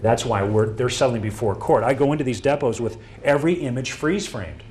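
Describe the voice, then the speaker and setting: Animated man giving a talk. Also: mid-range voice, a little fast, a little hiss or hum. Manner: animated storytelling, acting out quoted dialogue. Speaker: presenter. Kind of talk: presentation talk to an audience.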